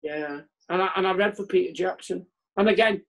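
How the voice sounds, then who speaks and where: A man's voice: high-pitched, brisk, creaky, fairly bright tone. A man who is a comedian, chatting candidly as an interview guest over a video call, rambling and self-deprecating and trailing off mid-sentence. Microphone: remote video call.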